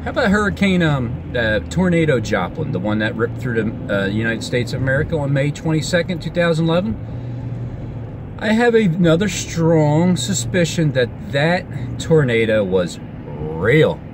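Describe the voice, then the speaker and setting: A man vlogging outdoors in a rambling, excitable monologue, his pitch jumping all over as he talks. He keeps stopping, restarting and trailing off mid-sentence. Cars and street noise carry clearly behind him. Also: moderate pace.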